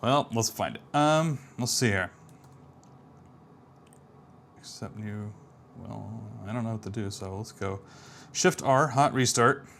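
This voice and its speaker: A man's voice: on the low side, slow, vocal fry, long pauses, fairly bright tone, a little hiss or hum. A man casually thinking aloud while building an app, muttering to himself, trailing off and making self-deprecating remarks. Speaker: app developer streaming a live build.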